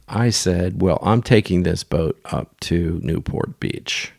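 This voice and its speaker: Low gravelly man telling stories. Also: slow pace, hardly any pauses, no echo, clean studio sound. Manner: rambling, with restarts and crude asides. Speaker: podcast host telling sailing stories. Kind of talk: casual storytelling.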